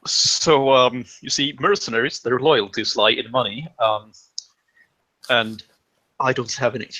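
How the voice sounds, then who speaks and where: A man's voice: mid-range voice, steady tone, unhurried, bright, forceful tone, rough recording. A man playing a tabletop role-playing game, describing his actions in an easygoing way. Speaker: player.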